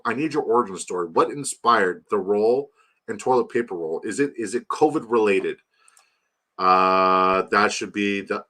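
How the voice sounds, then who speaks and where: A young man hosting a live fantasy football draft stream, rambling and joking as he shouts out viewers by name. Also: fairly low pitch. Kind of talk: casual live-stream chat.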